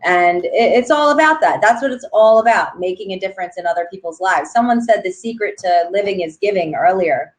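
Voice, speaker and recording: A woman's voice: medium pitch, animated, brisk, few pauses. A woman entrepreneur speaks as an interview guest in a casual, chatty way. She is earnest and keeps tagging her sentences with "right?" and "you know.".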